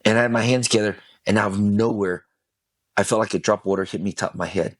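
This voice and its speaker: A man's voice: lowish voice, steady tone, fast, no room sound. A man guesting on a podcast, telling an intense personal story with emphatic, profane speech. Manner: intense, emphatic, swears freely.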